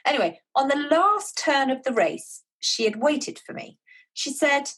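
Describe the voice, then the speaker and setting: A woman, telling a personal story in a chatty, animated way as an author guest. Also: high voice, measured pace. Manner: animated, chatty, acts out quoted dialogue. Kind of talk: conversational storytelling.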